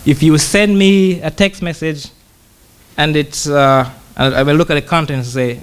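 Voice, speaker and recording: A man giving a conversational sermon who pauses often, repeats words and slows down to read scripture. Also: fairly high pitch, steady tone, clear, resonant tone. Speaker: church brother preaching.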